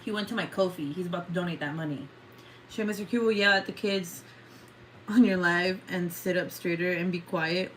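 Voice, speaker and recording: A woman's voice: lowish voice, fairly even intonation, a little fast, slight background noise. A woman hosting a casual livestream, joking with viewers, swearing freely and often breaking into laughter. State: coughing. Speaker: livestream host.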